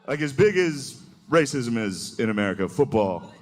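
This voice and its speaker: A man's voice: mid-range voice, big pitch swings, normal speed, background noise. A man doing a rambling, crude stand-up routine on a comedy club stage into a handheld mic. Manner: crude, rambling, laid-back. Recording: live club recording with audience laughter.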